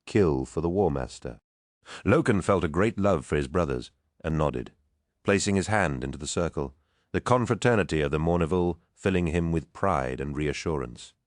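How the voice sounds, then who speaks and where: A man reading an audiobook in steady, measured scripted narration on a close studio mic. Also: very deep voice, no echo.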